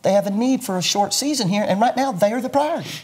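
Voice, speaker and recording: A man's voice: sits high, fast talker, husky. An older man, a pastor, explaining his views earnestly in a sermon-like way during an interview. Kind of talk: interview conversation.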